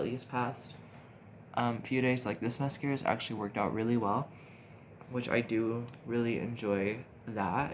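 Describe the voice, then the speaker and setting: Chatty young man with excitable rambling. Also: mid-range voice. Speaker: makeup vlogger. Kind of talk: casual makeup tutorial chat. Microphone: phone camera. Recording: steady background noise hiss.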